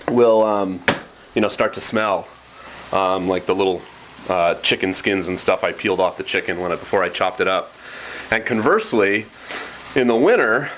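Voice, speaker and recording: A man with a fairly low voice talks his way through cooking dinner, chatty and explaining each step as he goes. He is recording a casual vlog in a small apartment kitchen. A faint hiss of noise sits under the voice. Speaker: vlogger.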